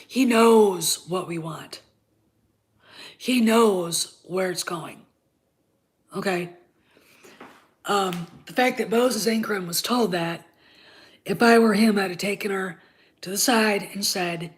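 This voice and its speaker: A woman hosting her own commentary channel, her voice congested and thick as she gets over covid. She talks slowly and bluntly, her opinions heated and laced with profanity. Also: mid-range voice. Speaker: channel host.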